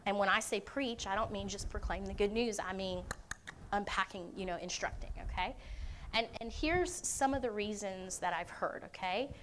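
In a university conference room, a woman gives a Q&A teaching talk, earnestly laying out her views and frequently checking in with the audience. Her voice is medium-pitched and a bit bright, her speed normal, with a little hiss or hum on the recording.

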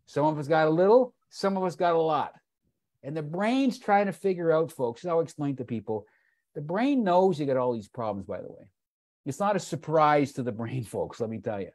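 A man's voice: a little high, lively intonation, normal speed, a little mellow. A man on a video call telling a wellness sales story in a folksy way, often calling his listeners "folks" and acting out the people in it. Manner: folksy, repeats "folks", acts out quotes. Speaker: wellness product presenter.

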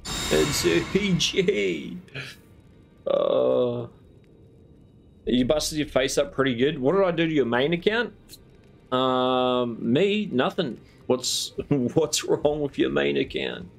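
Laid-back New Zealand streamer, lively pitch. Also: male voice, slow pace, gravelly, soft background music. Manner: laid-back, swears freely, teases his chat. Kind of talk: casual late-night game stream chat.

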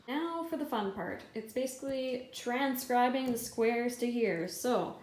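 A woman's voice: fairly high pitch, animated, moderate pace, few pauses. A woman painter talking casually through a how-to, chatty and jokey, thinking aloud as she works through the math. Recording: echoey room with faint ambience.

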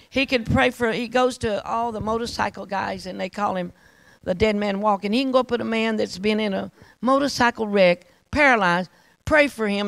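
A woman's voice: medium pitch, creaky, no room sound, low-quality recording. A woman preacher telling a testimony in a rambling, fervent sermon that repeats itself.

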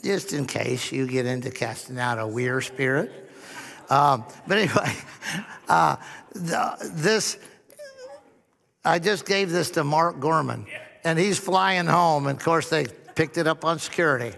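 A middle-aged man preaching as a pastor, telling a story with touches of humor and quieter quoted dialogue. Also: on the high side, unhurried, creaky. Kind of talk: sermon. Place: church hall. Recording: long hall reverb.

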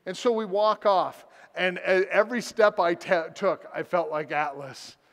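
Man, pastor, sermon storytelling, self-deprecating jokes, slightly high voice, big church reverb. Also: a little slow, a bit bright. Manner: humorous, self-deprecating asides. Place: church sanctuary.

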